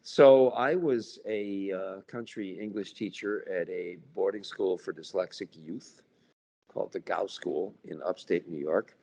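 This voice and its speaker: An American author and paranormal researcher chats casually in an interview, telling wry stories and acting out bits of party chatter. His low-pitched voice moves at a measured pace, slightly mellow with some vocal fry.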